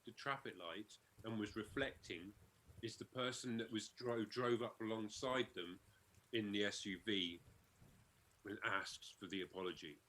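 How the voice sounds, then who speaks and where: A man co-hosting a podcast who talks casually about a film, pausing and searching for words as he explains his view. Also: lowish voice, bright, forceful tone. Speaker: podcast co-host. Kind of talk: casual film review chat.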